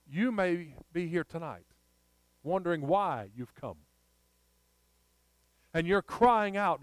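A man's voice: high-pitched, lively intonation, takes it slowly, pauses often, no echo. A man preaching a sermon, telling a personal story and rising to emphatic appeals.

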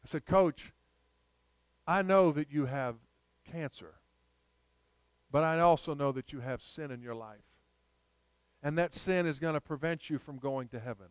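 A man's voice: on the high side, unhurried, long pauses, clear, resonant tone, dry recording. A man preaching a sermon, telling a personal story and rising to emphatic appeals.

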